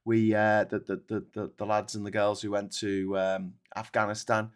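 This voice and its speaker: A British man hosts a live show and reads out viewer comments between rants. He swears freely, talks in an animated way and keeps tripping over his words and restarting sentences. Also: on the low side, moderate pace, smooth. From Britain. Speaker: host reading viewer comments.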